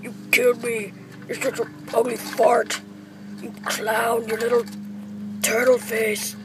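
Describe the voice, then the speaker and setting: A woman's voice: fairly high pitch, flat delivery, slow, background noise. A woman voicing a rich, grumpy villain snail in a homemade comedy skit, sounding whiny and insulting. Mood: sneering.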